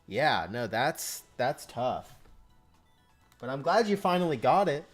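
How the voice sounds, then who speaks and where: Man, live-stream host, casual chatty reactions, lively swooping voice, unhurried delivery, faint music behind. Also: medium pitch. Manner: animated and reactive, chatty with viewers.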